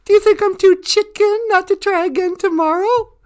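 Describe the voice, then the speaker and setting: A man's voice: extremely high pitch, fairly even intonation, moderate pace, voice pushed up. A man voicing a sly male fox who steals eggs and teases his friends in a brash, chatty way. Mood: teasing. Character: sly joking male fox, egg thief.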